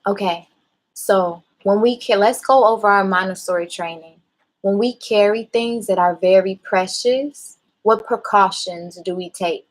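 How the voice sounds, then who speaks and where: Calm mother, near tears. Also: medium pitch, low-quality recording. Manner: calm, measured, patient questioning. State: close to tears, holding back. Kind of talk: parent talking a child through a mistake.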